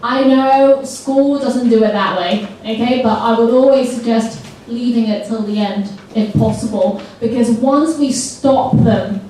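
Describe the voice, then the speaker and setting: A woman presents a training seminar to teachers, lively and coaxing as she gets the room to repeat words back. Her voice sits a little high. The recording is taken from a distance in a very echoey hall. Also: measured pace, few pauses, slight background noise. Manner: lively, coaxes the audience to repeat words aloud.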